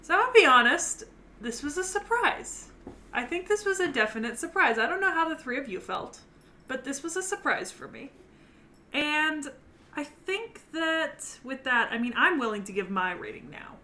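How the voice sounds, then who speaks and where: A woman's voice: high-pitched, very animated, normal speed, pushed and bright, slight background noise. A woman co-hosting a casual anime discussion, talking eagerly and groping for words mid-sentence. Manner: enthusiastic, searches for words. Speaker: podcast co-host. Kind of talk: casual chat.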